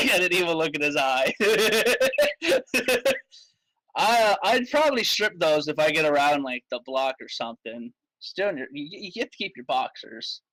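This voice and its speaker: A man playing a tabletop game, his voice sitting a little high and leaping up and down as he gets worked up. He swears often and argues his case in excited bursts, recorded dry and close. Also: moderate pace, few pauses, dry recording. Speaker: player.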